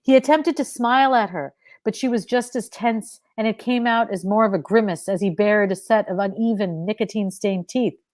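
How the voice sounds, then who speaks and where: A woman reads her own fiction aloud in a measured, expressive voice. Her pitch sits in a middle range, and the sound is dry and close with no room echo. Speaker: author reading her fiction. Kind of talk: live fiction reading.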